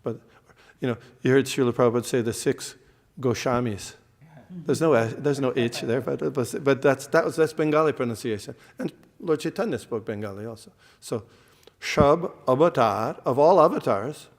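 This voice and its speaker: A man's voice: medium pitch, moderate pace, few pauses. Man teaching a devotional class in a reverberant hall. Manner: explains terms, quizzes the audience, frequent fillers and restarts.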